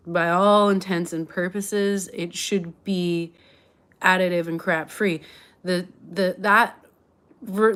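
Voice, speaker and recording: A young woman from Canada's west coast talks on a live stream in a loose, rambling way. Her voice sits a little low, and she restarts sentences often. At times her voice sinks almost to a whisper. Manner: rambling, relaxed, answers chat, many restarts. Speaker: livestreamer. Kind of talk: casual live-stream chat.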